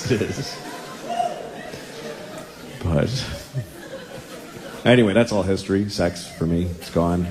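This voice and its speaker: A man's voice: low voice, takes it slowly, pauses often, big-room sound, noisy background. A man in his forties doing a stand-up routine, crude, rambling and self-deprecating. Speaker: stand-up comedian.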